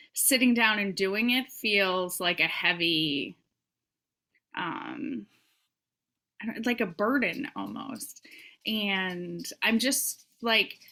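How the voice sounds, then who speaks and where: A woman's voice: mid-range voice, bright, forceful tone. A woman guest on a podcast who runs a small business, talking in a hesitant, thoughtful way with many fillers. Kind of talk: casual conversational chat.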